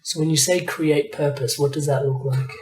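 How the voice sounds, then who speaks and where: A man's voice: a little high, fairly even intonation, normal speed, a little mellow, reverberant, distant mic, slight background noise. A man hosting an interview, asking reflective questions and affirming and summing up his guest's points. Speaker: host. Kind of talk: casual interview chat.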